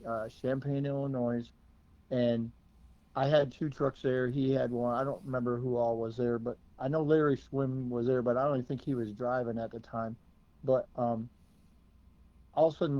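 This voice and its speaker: Man with a mid-pitched voice, telling long stories in casual chat, on slightly muffled audio. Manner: rambling, animated storyteller. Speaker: monster truck driver.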